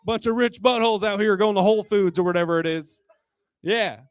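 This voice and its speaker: High-voiced, crude, tipsy stand-up comic. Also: male voice, fairly quick, smooth, no room sound. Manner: crude, rambling, chuckles at his own jokes. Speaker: stand-up comedian. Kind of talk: stand-up comedy set. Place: bar hosting a live comedy night. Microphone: handheld microphone.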